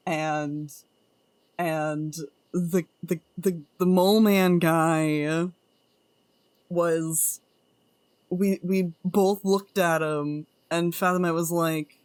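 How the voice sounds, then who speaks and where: Slow, playful woman on an art stream. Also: deep voice, darkish tone, no echo. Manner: playful and giggly, greets chat members. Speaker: streamer drawing art live. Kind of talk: casual livestream chat with viewers.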